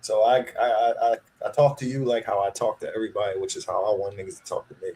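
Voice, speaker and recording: A man's voice: lowish voice, flat delivery, fast talker, warm tone, slight background noise, low-quality recording. A man in a casual podcast conversation, speaking in a blunt, profane way. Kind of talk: casual chat.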